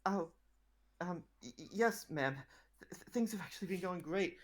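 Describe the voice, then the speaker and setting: A man voicing an awestruck, excitable teenage boy who stammers nervously and eagerly. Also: high voice, moderate pace, a little hiss or hum, voice pushed up. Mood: stammering.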